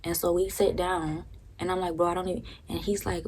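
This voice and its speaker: A woman's voice: lowish voice, level tone, fairly quick, a crowd in the background. A young woman casually telling a personal story, frank and profane, often checking in with "right?". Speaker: storytime vlogger.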